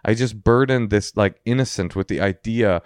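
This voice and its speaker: Comedian guy cohosting a podcast, deep-ish smooth voice, dry close mic, goofy rambling asides. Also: moderate pace, dry recording. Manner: rambling, jokey, ironic asides. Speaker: podcast co-host, stand-up comedian. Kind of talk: casual comedic chat.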